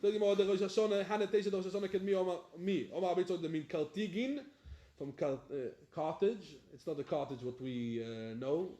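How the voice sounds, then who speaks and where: A rabbi teaching Talmud, chanting the text and then explaining it in plain talk. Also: male voice, high voice, quick pace, mellow, echoey room. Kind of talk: Talmud lesson, reading and explaining.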